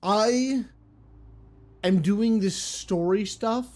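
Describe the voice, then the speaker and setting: A man's voice: high-pitched, very slow, darkish tone. A man streaming a game, ranting with profane exasperation in casual commentary.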